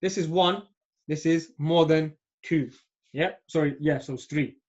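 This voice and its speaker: A man's voice: a little high, measured pace. A man teaching an Arabic grammar class, patient and often checking understanding. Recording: dull lo-fi audio.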